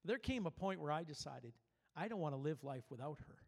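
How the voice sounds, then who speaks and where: A pastor, a man with a slightly higher-pitched voice, giving a sermon to his congregation. He speaks conversationally, drifting into personal stories and restarting his sentences as he goes. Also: lively intonation, fast, vocal fry, slightly rough. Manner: conversational, anecdotal preaching with restarts and asides. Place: church service.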